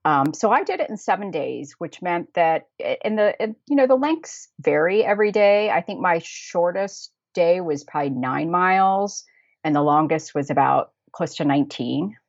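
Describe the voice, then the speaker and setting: Chatty American woman, low voice, dull dry audio. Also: expressive, moderate pace, no room sound. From United States. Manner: chatty, laughs often, many fillers. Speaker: guest, travel planner. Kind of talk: casual podcast interview.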